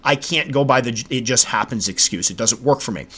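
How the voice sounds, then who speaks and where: Man, podcast host, casual solo talk, animated storytelling, exasperated asides, mid-pitched voice. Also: fairly quick, breathy edge. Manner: animated storytelling, acts out his own exasperated reactions.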